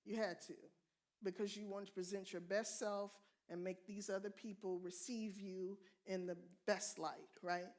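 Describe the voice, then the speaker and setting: A middle-aged woman from the United States speaking at a church conference, direct and candid, telling stories with animated asides. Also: mid-range voice, normal speed.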